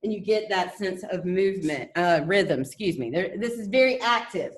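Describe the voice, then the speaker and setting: A woman art teacher lecturing over slides in a chatty way, full of fillers and restarts, raising her pitch to stress key words. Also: expressive, normal speed, recorded from a distance. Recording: echoey room, voice off-mic.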